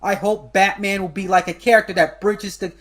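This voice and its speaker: A man's voice: high voice, steady tone, brisk, a bit bright. A man hosting a casual online chat with a friend, talking hesitantly and often restarting his sentences. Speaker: host.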